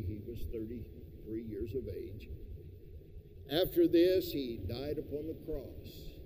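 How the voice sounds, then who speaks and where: Man preaching real slow and emphatic, kinda high voice, echoey hall with faint noise. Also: warm tone. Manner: slow, emphatic preaching, reading scripture aloud. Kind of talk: sermon.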